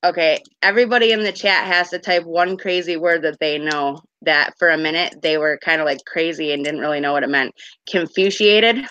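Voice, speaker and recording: A woman's voice: deep voice, brisk, fairly bright tone, clear, resonant tone. A woman in her thirties hosting a livestream, chatting casually and rambling through stories. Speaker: livestream host. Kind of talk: casual chat. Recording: dull lo-fi stream audio.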